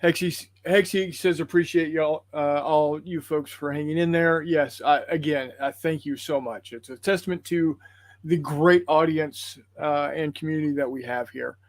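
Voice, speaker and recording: A man's voice: on the high side, fairly even intonation, normal speed, no room sound. Folksy man hosting a game stream. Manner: rambling, apologetic, folksy with fillers. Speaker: host of a tabletop gaming livestream. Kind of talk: casual chat reading viewer comments.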